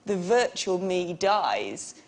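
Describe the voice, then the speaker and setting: A woman on a comedy panel show telling jokes in a playful, deadpan way. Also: on the low side, slow, creaky. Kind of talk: joking panel banter.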